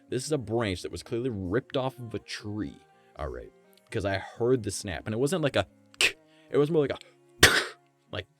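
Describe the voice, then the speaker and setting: Profane rambling man streamer. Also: fairly low pitch. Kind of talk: casual storytelling on a live stream.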